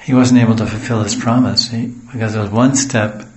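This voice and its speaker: A man with a fairly low voice tells a sacred story as a sermon. He drifts into homely side stories and acts out the speakers. The room around him rings with echo. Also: fairly even intonation, a little fast. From the West. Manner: digressive, homely asides, acts out quotes. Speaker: spiritual teacher.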